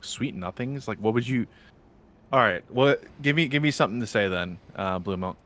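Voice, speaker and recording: A man with a somewhat low voice chats casually on a live stream. He rambles and jokes with his viewers. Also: expressive, moderate pace, fairly bright tone. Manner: joking, rambling, chatty with viewers.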